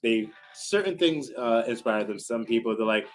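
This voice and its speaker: A man's voice: mid-range voice, rough recording. A man hosting a live stream, talking energetically with lots of fillers and hype. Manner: energetic hype, fast filler-laden talk. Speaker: stream host.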